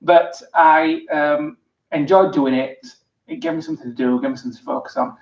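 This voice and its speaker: A man's voice: on the high side, wildly swooping pitch, brisk, creaky, darkish tone. A man vlogger in casual livestream chat, reading out viewer comments with frequent ums. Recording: roomy, distant, dull sound.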